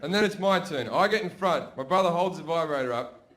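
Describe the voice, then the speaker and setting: A man's voice: fairly high pitch, lively intonation, a little fast, a bit bright. A man doing brash, profane stand-up storytelling on stage. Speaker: stand-up comedian. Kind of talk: stand-up comedy. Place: comedy stage before a laughing audience.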